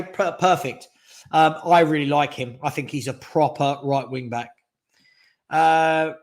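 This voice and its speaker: A man hosting a live fan stream, chatting casually and giving strong opinions while reading out viewer questions. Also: on the high side. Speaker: fan channel host.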